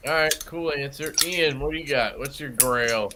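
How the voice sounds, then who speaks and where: A man's voice: medium pitch, normal speed, heavy background noise. A man hosting a casual group video-call stream, laid-back and joking as he calls on guests in turn. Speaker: livestream host.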